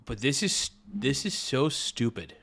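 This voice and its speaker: A man live-streaming, chatting casually and giving an excitable, frustrated play-by-play with frequent swearing. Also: mid-range voice, measured pace, breathy edge.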